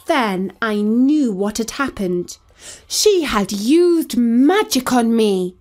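A woman's voice: a little high, animated, slow pace. A woman reading a children's bedtime story aloud, expressively telling it in the first person as a cat.

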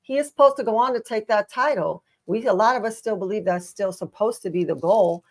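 Woman cohost with some vocal fry, opinionated, casual stream chat. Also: medium pitch, a little fast. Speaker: co-host of a wrestling prediction stream.

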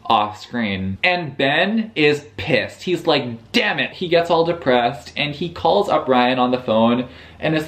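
Young man, book vlogger, sassy, profane, casual recap. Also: mid-range voice. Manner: sassy, profane, animated quoting of characters. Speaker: book reviewer.

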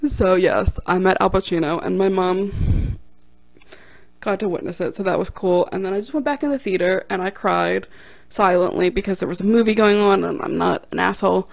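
A young woman, a stand-up comic, telling a casual storytime on her vlog with animated, self-deprecating delivery and quoted voices. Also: medium pitch, normal speed, vocal fry, no echo.

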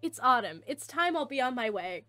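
A woman reading as a calm wandering traveler. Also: sits high, moderate pace, faint music behind, full character voice.

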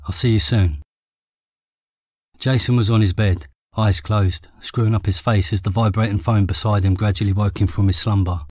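A man with an English accent reading his own memoir as an audiobook in a steady, measured way. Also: fairly low pitch, no echo, clean studio sound. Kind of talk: audiobook narration.

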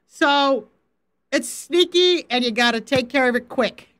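High-pitched lady faith coach, middle-aged, talks straight to her chat, firm but loving. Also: measured pace, fairly bright tone. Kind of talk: livestream Bible teaching.

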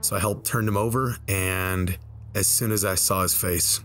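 A man telling a personal story in a relaxed, conversational way over gameplay, slowing down for the tense moments. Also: deep voice, soft background music. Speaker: storyteller and game video creator. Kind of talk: casual spoken storytelling. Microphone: desk microphone.

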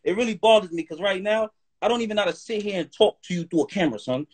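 A man's voice: sits high, quick pace, breathy edge. A man talking as a guest on a live stream in a heated, profane rant, often checking "you heard?". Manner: profane, animated, keeps asking "you heard?".

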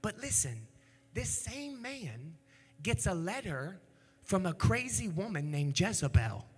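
Pastor guy preaching loud then hushed, high bright voice, big echoey church. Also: a little slow. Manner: animated preaching, swings from shouts to hushed low storytelling. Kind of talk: energetic sermon. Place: church sanctuary.

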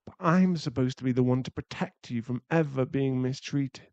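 A man's voice: mid-range voice, moderate pace, darkish tone, no room sound, muffled recording, close to an everyday voice. A man voicing a young boyfriend who is hot-tempered but remorseful, in a whispered role-play, swearing and then murmuring apologies. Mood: tender.

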